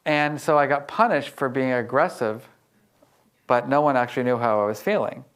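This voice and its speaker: A man speaks to a live audience in a storytelling style, his pitch sitting in an ordinary middle range. He talks with lively energy and slips into voices when he quotes other people. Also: moderate pace, clean tone. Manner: lively, acts out quoted dialogue. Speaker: emotional intelligence researcher and speaker. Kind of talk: storytelling public talk.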